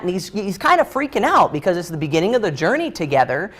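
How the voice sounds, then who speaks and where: A man's voice: high voice, big pitch swings, a little fast, a bit bright. A man leading a training session, telling a story freestyle while drawing, loose and chatty with many fillers and restarts.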